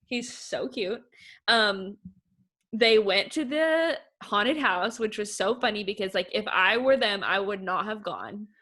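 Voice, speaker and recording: A woman's voice: mid-range voice, lively intonation, measured pace, pushed and bright. A woman co-hosting a podcast, gushing and animatedly retelling reality TV scenes in casual chat. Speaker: podcast co-host.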